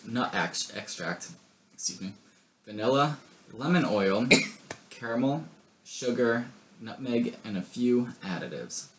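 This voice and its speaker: A man's voice: lowish voice, noisy background. A young man co-hosting a podcast, reading history facts in casual chat with joking, rambling asides. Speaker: podcast co-host.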